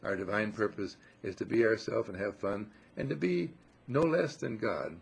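Older male inspirational speaker, gravelly and warmly effusive, with big pitch swings on emphasis. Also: lively intonation, normal speed. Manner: effusive and affectionate, swoops up on emphasis. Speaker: spiritual speaker. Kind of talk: inspirational talk to a gathering.

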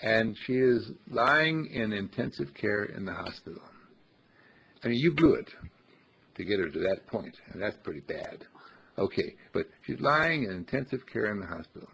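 A husky, gravelly-voiced man leads a small spiritual teaching session, slow and emphatic, with chant-like repeated phrases. His voice sits on the low side yet sounds animated and a bit bright, captured on a dull lo-fi recording.

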